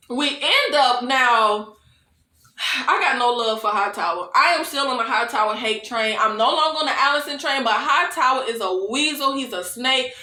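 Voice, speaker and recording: Sassy high-voiced woman in echoey room. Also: normal speed. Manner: expressive, sassy, laughs often, calls viewers "y'all" and "baby". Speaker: TV recap reviewer. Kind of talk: casual, animated episode recap.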